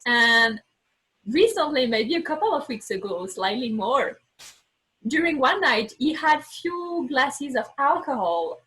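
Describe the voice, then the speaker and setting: A woman guest on a podcast telling a candid personal story, animated and acting out her own words, speaking English as a second language with small slips. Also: on the high side, husky, poor audio.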